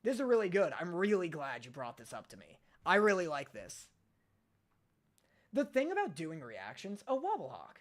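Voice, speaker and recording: Man, streamer, talks in loose rambling chat with a lively, bouncy pitch. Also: normal speed. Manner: rambling, self-deprecating, restarts often. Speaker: reaction streamer.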